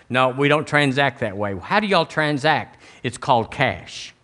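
A man's voice: medium pitch, animated, a little slow, few pauses, fairly bright tone. A man with a Southern US accent preaching a sermon as pastor, emphatic, with folksy asides and little acted-out quotes.

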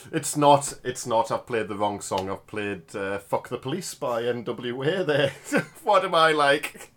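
A man co-hosting a comic podcast, boisterous and quick to yell and swear. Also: medium pitch. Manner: boisterous, swears and yells in bursts. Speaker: podcast co-host.

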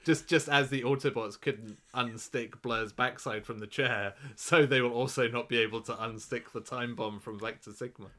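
A male podcast co-host talks in loose, joking chat. His voice is bright and forward, and his sentences ramble and restart as his ideas form. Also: mid-range voice, fairly even intonation, moderate pace, few pauses. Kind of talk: casual chat.

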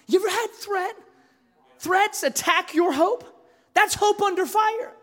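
A middle-aged man preaching a sermon, telling stories that swing between loud shouts and hushed asides. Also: very high-pitched, big-room sound. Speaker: pastor.

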